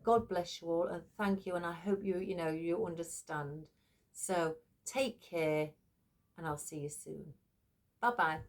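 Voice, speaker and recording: A woman florist talking through a vase arrangement in a casual tutorial, soft-spoken and apologetic, with frequent ums and trailing phrases. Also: on the low side, a little slow.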